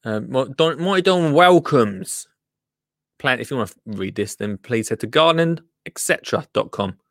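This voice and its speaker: A man's voice: medium pitch, lively intonation, normal speed, dry recording, clean studio sound. A man hosting a podcast, reading out gardening news in a rambling, jokey way that keeps breaking off to comment. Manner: rambling, self-interrupting, jokey. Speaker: podcast host.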